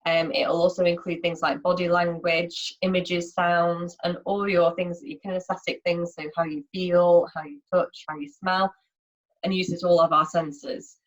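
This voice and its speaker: Woman, low-pitched, conversational presenter, fillers and restarts, dull lo-fi sound. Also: level tone, measured pace. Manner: chatty, explanatory, many fillers and restarts. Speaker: workshop presenter. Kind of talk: informal online lunchtime talk.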